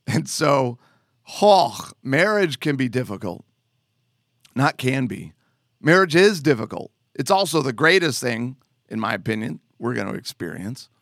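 Male preacher, unhurried sermon delivery with playful asides, dry close mic. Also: mid-range voice, creaky, dry recording. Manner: animated preaching with jokes and mock voices. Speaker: pastor.

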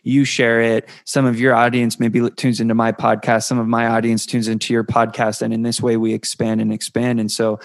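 Man, podcast host, flat even delivery, dry close sound, thoughtful, repeats words. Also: medium pitch, brisk, hardly any pauses, no room sound. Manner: thoughtful, repeats words while building ideas. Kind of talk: conversational interview.

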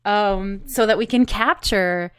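A woman's voice: mid-range voice, moderate pace. A woman, a singer-songwriter guest, telling stories in casual chat, laughing often and leaning on "like". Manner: laughs often, storytelling, says "like" a lot. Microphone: USB condenser microphone.

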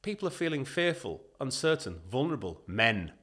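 A man's voice: mid-range voice, moderate pace. Emphatic man in a podcast chat. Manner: emphatic and animated, acts out what people say. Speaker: podcast guest, leadership consultant. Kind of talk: conversational podcast interview.

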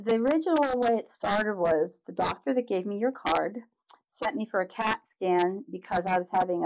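A woman's voice: mid-range voice, low-quality recording. Earnest middle-aged woman telling her story. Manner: earnest, candid, restarts often. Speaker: guest. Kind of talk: personal storytelling in a podcast interview.

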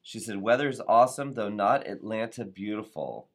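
A man's voice: lowish voice, lively intonation, normal speed. A man hosting a live show, reading viewer comments in an upbeat, playful way and sometimes tripping over words. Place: Atlanta area.

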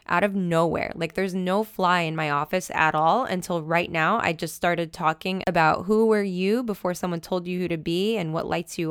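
A woman's voice: on the low side, clean tone, no echo. A woman hosting a wellness podcast and coaching, talking in an enthusiastic, chatty, emphatic way into a close mic. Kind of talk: casual solo podcast talk.

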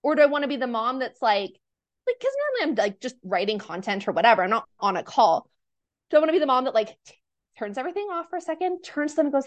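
A young woman, a mindset coach appearing as a podcast guest, talks fast in a high, very animated voice during a casual interview. She's earnest and upbeat, peppering her speech with "like," though she sounds tired and a bit nauseous.

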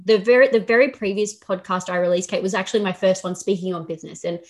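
A woman's voice: medium pitch, fairly even intonation, fast. A young woman hosting a podcast, a fitness coach talking candidly and reassuringly, with plenty of swearing. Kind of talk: casual podcast chat.

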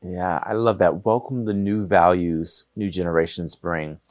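A middle-aged man hosts a podcast in a relaxed, chatty way, full of enthusiasm and loose restarts. His voice sits a bit low, and the sound is dry and close with little room. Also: unhurried, no room sound. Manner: warm, enthusiastic, rambling with restarts. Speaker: podcast host. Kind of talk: casual conversational interview.

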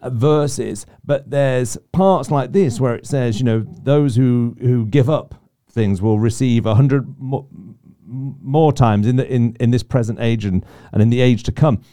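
A man's voice: medium pitch, measured pace, mellow. A man co-hosting a casual faith discussion, reflective and often restarting his sentences. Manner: reflective, self-interrupting. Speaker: podcast co-host.

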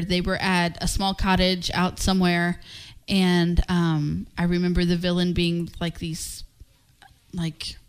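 A woman's voice: fairly low pitch, smooth. A woman co-hosting a podcast, recalling things in a hesitant way with lots of fillers. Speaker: podcast co-host. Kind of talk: casual chat.

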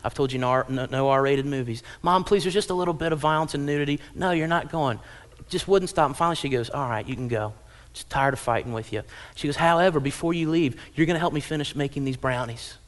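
A middle-aged male pastor preaching in a church, casual and conversational, telling stories with lively acted-out quotes. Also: on the high side, fast. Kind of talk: sermon. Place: church auditorium.

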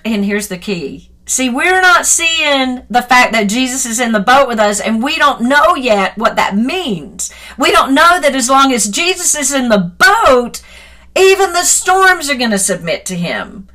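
A middle-aged woman speaks earnestly into a phone, sharing a personal devotional as a Christian author. Her voice is bright and clear, and she moves between quiet reflection and lively, animated retelling. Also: high voice, unhurried. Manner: earnest and reflective, grows animated and laughing when retelling a story.

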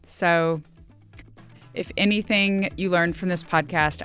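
Low-voiced woman hosting a heartfelt podcast. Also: fairly even intonation, slow, long pauses, a bit bright, soft background music. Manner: earnest and emotional, near tears; chatty with many fillers. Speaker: podcast host. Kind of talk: heartfelt solo podcast farewell.

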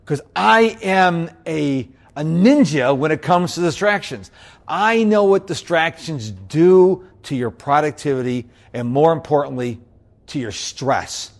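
Bouncy, high-pitched man. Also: a little slow, creaky. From United States. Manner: bouncy and upbeat, always energetic. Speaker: productivity speaker and podcast host. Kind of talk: motivational talk to an audience.

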